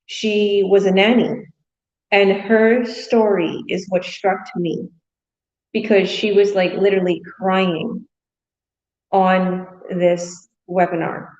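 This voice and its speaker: A woman's voice: medium pitch, fairly even intonation, takes it slowly, darkish tone, lo-fi sound. A woman hosting a live business webinar, chatty and effusive, with many fillers.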